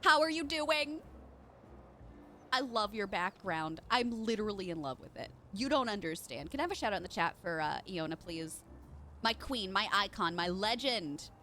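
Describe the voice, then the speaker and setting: This live gameplay commentary comes from a woman whose medium-pitched voice is animated, pushed and bright, moving at a moderate pace over a little hiss or hum. Bubbly and chatty, she talks with her viewers, reacts as she plays, and reads chat aloud.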